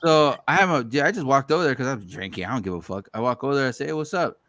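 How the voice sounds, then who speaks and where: A podcast host tells stories in casual chat, talking rapid-fire in a medium-pitched, slightly bright voice. He swears freely and acts out other people's lines.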